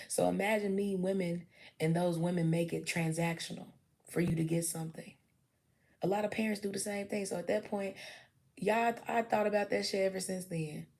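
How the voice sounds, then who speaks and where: Woman, young adult, gravelly, lowish voice, candid livestream chat, swears. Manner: candid, swears freely, acts out quotes in a lively way. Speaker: livestream host. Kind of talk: casual storytelling chat.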